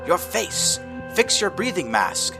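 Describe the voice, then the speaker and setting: A man's voice: on the high side, animated, normal speed, music in the background, voice pushed up, lightly acted. A man voicing a starship's artificial intelligence that insists urgently on waking its officer. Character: calm male ship computer AI.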